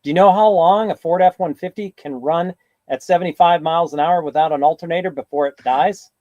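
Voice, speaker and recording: A man's voice: a little high, a little fast, no room sound, highs cut off. A man appearing as a guest on a casual livestream, telling anecdotes with laughter and mimicking other people's voices.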